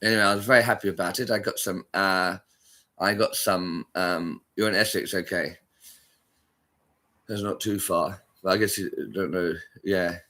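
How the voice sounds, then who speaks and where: Low-voiced chatty man. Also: fairly even intonation, moderate pace, sharp tone. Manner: chatty, rambling, with fillers and asides. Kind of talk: casual reaction chat.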